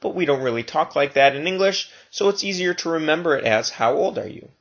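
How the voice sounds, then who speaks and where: A man teaching a recorded language lesson, speaking slowly and deliberately and repeating each phrase twice. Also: fairly high pitch, animated, a bit bright. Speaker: Spanish teacher.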